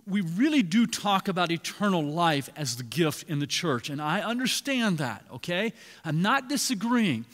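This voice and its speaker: High-pitched male pastor preaching, big hall reverb, gets loud then drops real quiet. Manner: animated preaching, swinging from loud to hushed. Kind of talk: sermon. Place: church sanctuary. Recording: long reverb in a large hall.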